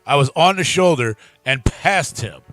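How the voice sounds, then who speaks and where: A man's voice: a little high, lively intonation, unhurried, fairly bright tone, no room sound, faint music behind. Profane laughing man telling a road story. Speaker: podcast host. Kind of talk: casual storytelling chat.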